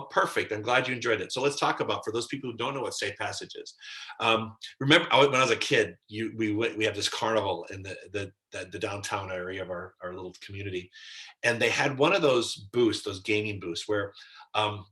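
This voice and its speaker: Earnest low-voiced man teaching in an echoey room. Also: fast, bright, forceful tone. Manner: earnest and emphatic, acts out his own inner voice. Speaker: spiritual teacher. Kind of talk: live-streamed teaching talk with viewer questions. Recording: roomy echo.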